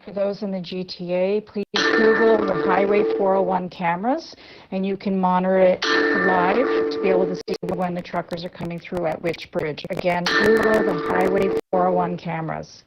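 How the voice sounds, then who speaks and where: A woman's voice: fairly low pitch, fairly even intonation, moderate pace. A woman giving informative traffic instructions to listeners. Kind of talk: announcement. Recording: dull lo-fi audio with loud music.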